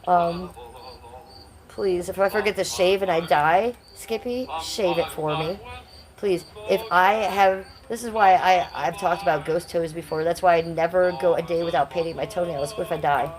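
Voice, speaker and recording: A woman's voice: lowish voice, normal speed, a crowd in the background. A woman hosting a casual livestream, reading chat comments aloud in a brash, crude and playful way. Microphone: phone.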